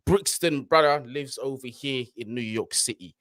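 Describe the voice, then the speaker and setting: A man's voice: mid-range voice, normal speed, a bit bright, no room sound, studio quality. A man co-hosting a football live stream, talking in a hyped, slangy way and swearing freely. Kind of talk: casual chat. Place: New York City.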